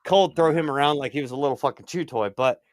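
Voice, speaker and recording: A man in casual chat, telling rambling stories with lots of swearing and animated bursts. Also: a little high, racing, no echo, studio quality. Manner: rambling, profane storyteller; animated, swings up in excitement. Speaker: prepper livestream co-host.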